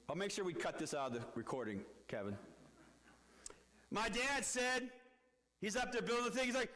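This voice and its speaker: A middle-aged man preaching as pastor, telling a story with sudden loud outbursts and quiet low asides. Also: expressive, normal speed, long pauses, noisy background. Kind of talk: storytelling sermon. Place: church. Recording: echoey church hall.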